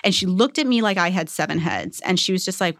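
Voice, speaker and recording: A woman's voice: fairly low pitch, expressive, fast, fairly bright tone, dry recording. A chatty woman in her forties, a guest in an interview, telling her stories loosely with lots of fillers. She acts out the people she quotes. The recording is dry and close. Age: 40s. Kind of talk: casual storytelling conversation.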